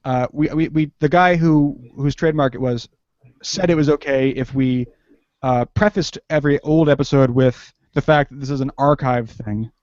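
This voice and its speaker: A man's voice: medium pitch, moderate pace, darkish tone, no room sound. A young man chatting casually as a podcast guest, rambling and restarting his sentences and laughing often. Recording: dull lo-fi recording.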